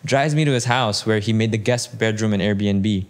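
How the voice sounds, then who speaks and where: A man in his thirties, a podcast guest telling a long personal story in casual chat, animated and putting on the voices of people he quotes. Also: lowish voice, moderate pace.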